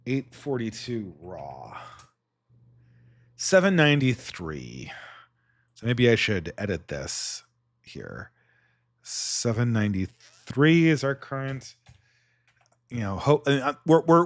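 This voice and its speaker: A man hosting a casual livestream, thanking donors and musing in a sardonic, halting manner. His voice sits at an ordinary middle pitch, and the sound is dry and close to the mic. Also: fairly bright tone, no room sound. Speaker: livestream host. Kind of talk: casual livestream chat reading donations.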